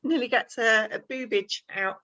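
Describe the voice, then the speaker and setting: A woman's voice: on the high side, moderate pace, sharp tone, highs cut off. A woman co-hosting a film podcast, retelling scenes in a chatty, giggly way. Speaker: podcast co-host. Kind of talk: casual film chat.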